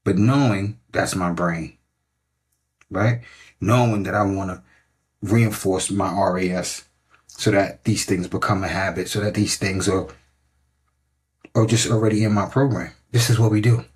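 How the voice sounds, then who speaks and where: A middle-aged male coach with a husky, somewhat low voice delivers a motivational podcast talk. He speaks emphatically and repeats his key points, often tagging them with "right?" to check the listener is with him. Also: steady tone, a little slow, long pauses. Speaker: fitness coach.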